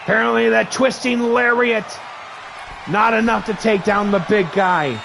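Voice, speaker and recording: His voice sits high and creaky, with fairly even intonation and a measured pace, while crowd noise and other background sound fill the clip. The man calls a wrestling match in excitable short bursts of moves, thanking his stream's audience between spots.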